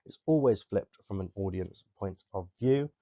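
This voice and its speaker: A man teaches a recorded drama lesson, explaining each term plainly. His voice is lowish and mellow. The sound is dry and a little dull, like a lo-fi desk microphone. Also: animated, normal speed, no room sound. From Somerset, England. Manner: clear, explanatory, demonstrates vocal techniques. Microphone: close desk microphone.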